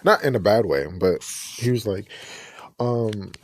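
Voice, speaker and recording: A podcast host speaks in an unhurried, lowish voice over slight background noise. He's sharing earnest, reflective personal commentary on his own show and frequently restarts what he's saying.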